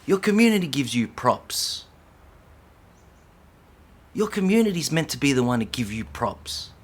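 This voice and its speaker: A man's voice: medium pitch, sing-song, a little slow, slightly rough. A middle-aged man speaking to camera in an unscripted monologue, heated and profane, full of slang, who keeps checking in with "yeah?". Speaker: vlogger.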